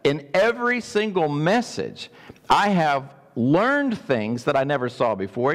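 A man's voice: a little high, in a large hall. A man preaching a sermon as pastor, emphatic, repeating words and putting questions to his congregation.

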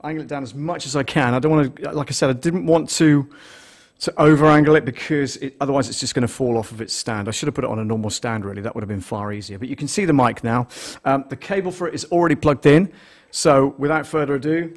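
Man, live stream host, casual rambling talk, mid-pitched voice, mic check counting, close condenser mic, small studio. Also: fast talker. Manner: rambling, thinks aloud while setting up gear. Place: small studio with a mixing desk. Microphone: desktop condenser microphone, close.

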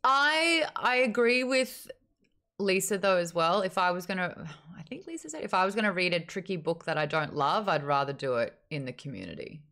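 A woman's voice: fairly low pitch, lively intonation, brisk, a bit bright. A woman hosting a casual book club livestream from home, chatting playfully and cooing at her sleepy dog. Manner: playful, laughing, baby-talk to her dog.

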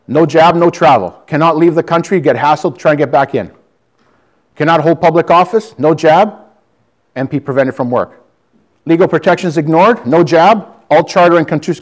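A man preaching defiantly to a congregation, calling listeners brother and sister. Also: on the high side. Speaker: lay preacher. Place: church hall with audience.

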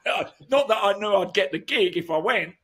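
A man's voice: high voice, brisk, a bit bright, husky. A man, a guest musician telling rambling stories in a casual interview, full of restarts and asides.

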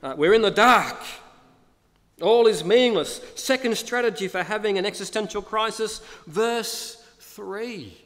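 A man's voice: high voice, a little slow, a bit bright. A male pastor preaching a sermon, emphatic, repeating key phrases and asking rhetorical questions. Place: church. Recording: long reverb of a church hall.

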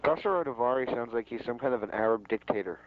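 A man's voice: mid-range voice, expressive, fast talker, slight background noise. A man co-hosting a podcast in casual chat, blunt and teasing. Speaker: podcast co-host. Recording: dull lo-fi sound.

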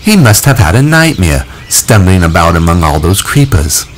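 A man's voice: sits low, very animated, moderate pace, a little hiss or hum. A man voicing a confident boy leader who cheerfully reassures the others in a storybook reading. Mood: reassuring. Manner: upbeat, coaxing, patiently explaining.

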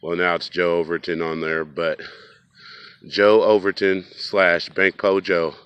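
A man's voice: deep voice, little pitch movement, unhurried, a bit bright, clean tone, muffled recording. A man vlogging casually outdoors by a riverbank, talking straight to his viewers in a folksy way. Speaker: fishing vlogger.

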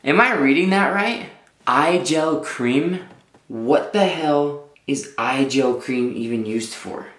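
A man's voice: on the high side, slow, fairly bright tone. A young man vlogging casually in his bathroom, joking and self-conscious as he rambles. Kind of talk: casual vlog chat. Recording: echoey bathroom, faint noise.

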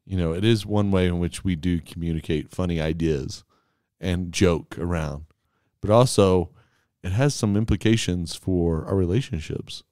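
Man, podcast co-host, low pitch, easygoing, casual chat. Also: normal speed, a little mellow, dry recording, clean studio sound. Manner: easygoing, asks questions, laughs readily.

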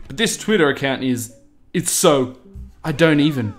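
A man giving casual, jokey let's-play commentary, swearing freely and reading lines aloud in mock-dramatic bursts while typing on a loud mechanical keyboard. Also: medium pitch, expressive, moderate pace, soft background music. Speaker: gaming YouTuber. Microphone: desk mic beside a loud mechanical keyboard.

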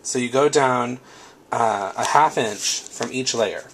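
Chatty man with a gravelly voice. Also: medium pitch, slow pace, a little hiss or hum. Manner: chatty, explains step by step. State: recovering from a cold. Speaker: craft video host. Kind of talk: casual tutorial.

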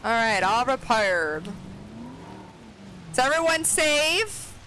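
Woman, game streamer, excitable, squealing exclamations, high bright voice. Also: slow, a little hiss or hum. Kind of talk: casual game commentary.

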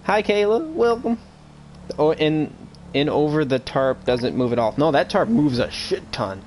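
A man's voice: mid-range voice, normal speed, a little mellow, slight background noise. Casual rambling young man streaming. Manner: rambling, casual, swears freely. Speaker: streamer playing a police officer. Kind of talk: casual live-stream chat during police role-play.

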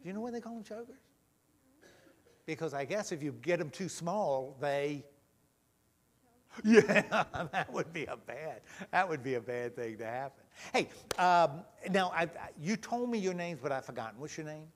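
A man leading a children's talk in church, gentle and full of questions. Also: on the high side, animated, moderate pace. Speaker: pastor leading a children's message. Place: church sanctuary.

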